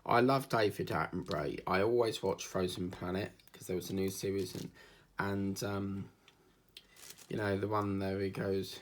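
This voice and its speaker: A man's voice: low voice, steady tone, moderate pace, slight background noise. A man chatting casually while he works on a diamond painting, rambling from story to story and slipping into mimicked accents. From England. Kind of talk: casual chat while crafting.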